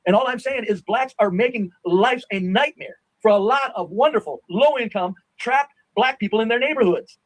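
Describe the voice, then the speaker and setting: A middle-aged man in a heated stream debate, blunt and insistent, sometimes swearing and dropping to a low grumble. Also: normal speed, few pauses, no room sound, poor audio.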